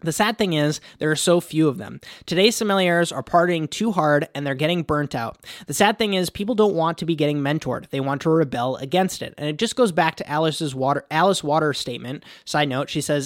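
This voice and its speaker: Male podcast host, casual news chat, fairly high voice, dead dry sound. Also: a little fast, no room sound. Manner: chatty, reads quotes aloud, goes off on tangents.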